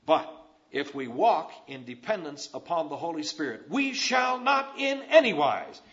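Emphatic male preacher, lively pitch. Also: unhurried, highs cut off. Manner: emphatic, rising to loud stresses. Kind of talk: sermon.

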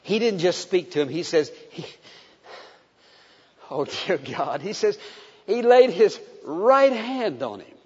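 A man with a fairly high voice preaches with fervor, pressing his points hard and then dropping to a near-hush. The recording is dull and lo-fi, and a long hall reverb trails every phrase. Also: sing-song, a little slow, breathy edge. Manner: impassioned, swinging between emphatic outbursts and hushed tenderness. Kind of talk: sermon.

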